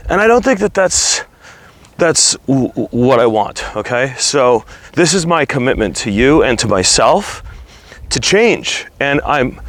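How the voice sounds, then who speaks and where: A man vlogging candidly about his weight, earnest and halting. He is slightly out of breath from walking while he talks. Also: fairly high pitch, fairly bright tone, no echo. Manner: earnest, halting, restarts words while opening up. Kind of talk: candid confessional vlog.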